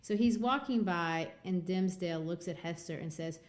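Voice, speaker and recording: Woman teaching literature, slightly low voice. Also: normal speed, hardly any pauses. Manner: enthusiastic, retelling scenes with quotes. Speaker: podcast host and literature teacher. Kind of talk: literature discussion podcast.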